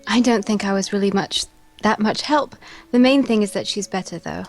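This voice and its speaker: A woman voicing a polite, soft-spoken young woman while reading a visual novel aloud with a friend. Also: mid-range voice, normal speed, faint music behind, lightly acted. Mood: gentle. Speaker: co-player voicing characters. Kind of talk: casual visual novel read-along.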